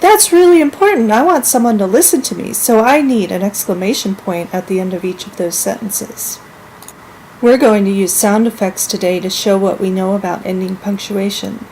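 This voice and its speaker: A woman teaching a lesson to young children, speaking clearly and acting out example sentences with lively expression. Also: medium pitch, moderate pace, slight background noise, poor audio. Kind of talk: model classroom minilesson.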